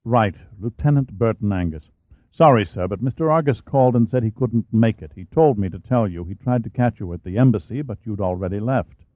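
A man's voice: fairly low pitch, expressive, brisk, dry recording, natural voice. A man voicing a polite, formal male club manager. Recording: dry, tinny phone-like sound.

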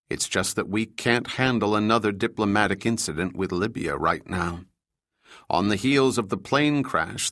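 A man's voice: fairly low pitch, no echo, studio quality, close to an everyday voice. A male narrator voicing a stern senior intelligence official who speaks firmly and commandingly. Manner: firm, commanding, shouting when crossed.

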